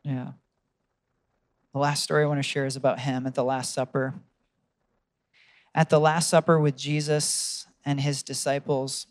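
Male preacher with a slightly high voice, earnest storyteller, dry close recording. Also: no room sound. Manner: earnest storytelling, asks the congregation questions. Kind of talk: sermon.

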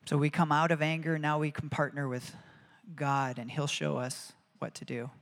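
A man's voice: on the high side, flat delivery, normal speed, a bit bright. Earnest preacher man in a reverberant hall. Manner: earnest, conversational preaching with prayers voiced aloud. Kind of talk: sermon.

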